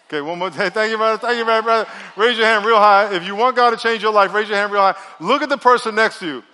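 High bright guy preaching, long church-hall echo, lots of jokes and get-everyone-to-say-it bits. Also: fast. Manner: energetic, joking, leads call-and-response. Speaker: pastor. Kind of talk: sermon. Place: large church auditorium.

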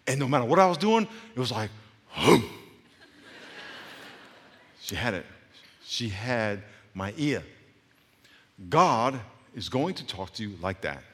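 Animated middle-aged male preacher. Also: medium pitch, moderate pace. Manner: animated, swinging between loud bursts and quiet asides, laughing often. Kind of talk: sermon with anecdotes. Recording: long reverb of a large hall.

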